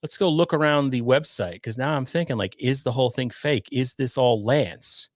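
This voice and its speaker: A man's voice: mid-range voice, moderate pace, dry recording, clean studio sound. A man hosting a podcast livestream, reacting to a news clip and rambling sarcastically. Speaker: podcast host. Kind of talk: casual livestream commentary.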